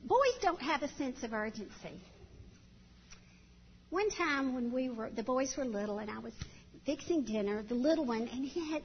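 A middle-aged woman tells folksy, animated stories to a church audience. Her high voice rings with a long hall reverb. The recording sounds dull, with faint ambience behind. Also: gravelly, a little hiss or hum. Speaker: church speaker. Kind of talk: storytelling talk to a church audience.

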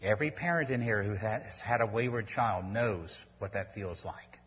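A man's voice: on the low side, moderate pace, breathy edge. A man preaching a sermon, earnest and pleading, rising to emphatic peaks as he makes his points. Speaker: pastor. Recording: dull lo-fi sound in a long-echo hall.

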